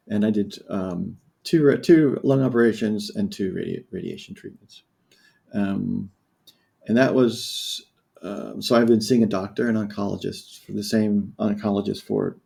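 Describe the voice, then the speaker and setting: A man from the United States in his fifties, speaking as a podcast guest. His voice is gravelly and dark-toned. He tells his story candidly and reflectively, often breaking off and restarting his sentences. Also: on the low side. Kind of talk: personal storytelling in a podcast interview.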